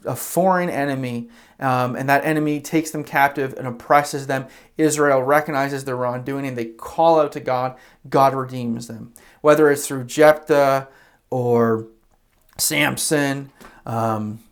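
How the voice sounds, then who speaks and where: Male pastor, sermon, relaxed storytelling, conversational fillers, acts out quotes. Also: medium pitch. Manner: conversational with fillers like "you know" and "like".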